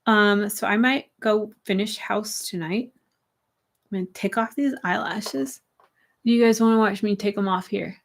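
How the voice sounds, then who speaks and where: A slightly hoarse young woman casually chatting on a livestream, reading viewer comments aloud and answering them from her room. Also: medium pitch, normal speed. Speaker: livestream host. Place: her room with string lights.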